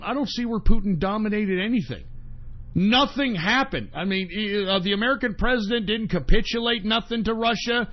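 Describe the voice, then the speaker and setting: A man hosting a talk radio show, ranting in a profane, combative way that swings between shouting and grumbling. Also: high-pitched. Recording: dull lo-fi sound.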